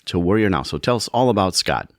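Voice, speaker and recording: A man co-hosting an arts radio show, reading announcements and asking easygoing, slightly halting questions. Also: sits low, expressive, dry recording, clean studio sound. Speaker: radio co-host.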